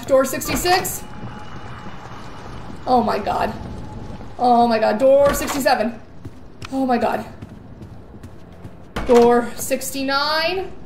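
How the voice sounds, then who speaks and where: A young woman giving jittery, rambling commentary on a horror game and repeating words in nervous bursts. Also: a little high. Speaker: gaming YouTuber. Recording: echoey room with faint noise.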